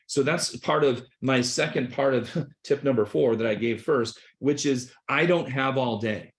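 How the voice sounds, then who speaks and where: A middle-aged man giving an energetic sales coaching talk on a video call, often checking in with "okay" and "right". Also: medium pitch. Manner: energetic, enthusiastic, repeats points with "okay" and "right". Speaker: sales trainer.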